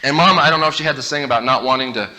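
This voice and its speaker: A man giving a humorous storytelling talk from a stage, animated and laughing through his stories. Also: medium pitch, very fast. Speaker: motivational speaker. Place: stage before a live audience.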